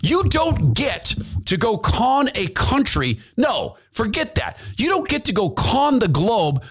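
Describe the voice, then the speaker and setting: A man's voice: extremely high pitch, huge pitch swings, takes it slowly, fairly bright tone, husky. A man hosting a talk podcast, delivering an impassioned opinion monologue and repeating phrases for emphasis. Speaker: podcast host, former radio host.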